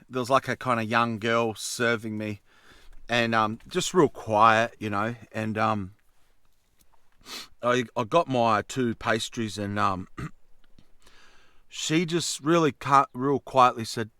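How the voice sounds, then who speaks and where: A man's voice: medium pitch, pushed and bright, no echo, studio quality. A young adult man, chatting casually inside his camper van and telling meandering stories. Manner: chatty, colloquial, meandering storyteller. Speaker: vlogger. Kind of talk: casual rambling vlog chat.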